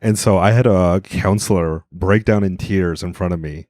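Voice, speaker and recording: A man's voice: deep voice, normal speed, a little mellow, dry recording, studio quality. A man hosting a podcast, joking crudely and teasing his guest in casual chat. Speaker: podcast host.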